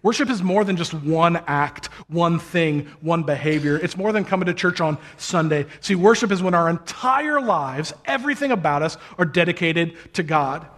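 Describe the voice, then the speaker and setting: Male pastor, sermon delivery, earnest and encouraging, slightly high-pitched voice. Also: animated, moderate pace, hardly any pauses, a bit bright. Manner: earnest, encouraging, with light humor.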